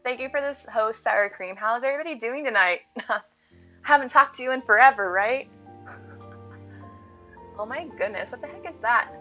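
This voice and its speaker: A woman's voice: fairly high pitch, moderate pace, pauses often, pushed and bright. A woman game streamer chatting casually with her live viewers, laughing often, on slightly dull audio with faint music.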